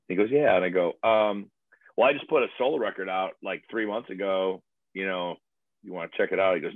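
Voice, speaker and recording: A man's voice: sits low, quick pace, no echo. A man telling stories in a casual chat. He talks in a laid-back way, swears freely and laughs often, and he plays music and tends bar. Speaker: musician and bartender. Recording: tinny phone-like, dry sound.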